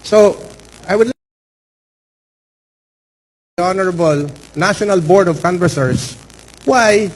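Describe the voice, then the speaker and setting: A man with a Filipino accent, a lawyer making a formal, measured statement to a hearing board, stressing key words. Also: high-pitched, low-quality recording. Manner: measured, formal, repeats for emphasis.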